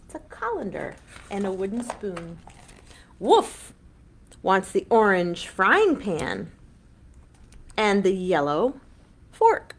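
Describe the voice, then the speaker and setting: A woman hosting an online children's storytime as a librarian, reading a picture book aloud in an animated, sing-song way for young children. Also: medium pitch, slow pace, pauses often, a little hiss or hum.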